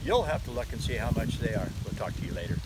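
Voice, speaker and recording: A man's voice: medium pitch, animated, fast talker, noisy background. Chatty man demoing a pocket knife. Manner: rambling, chatty, laughs at his own fumbles. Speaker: knife seller demonstrating a product. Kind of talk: casual product demo vlog.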